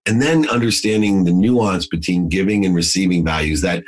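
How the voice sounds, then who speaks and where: Husky low-voiced man telling his story. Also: moderate pace. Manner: emphatic, punchy short phrases. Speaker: guest. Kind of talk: motivational storytelling.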